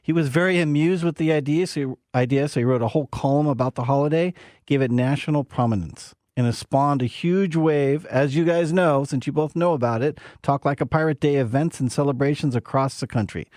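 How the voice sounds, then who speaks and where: A man's voice: fairly high pitch, fairly quick, a little mellow, no echo, clean studio sound. A man co-hosting a radio show, telling stories in a playful, chatty way. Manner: storytelling, playful. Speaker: whiskey segment co-host. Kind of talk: casual radio chat.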